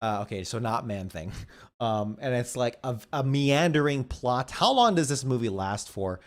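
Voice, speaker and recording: A man's voice: medium pitch, lively intonation, normal speed. A man co-hosting a movie podcast, talking in a laid-back, jokey way with loose phrasing. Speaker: podcast co-host. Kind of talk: casual movie review chat.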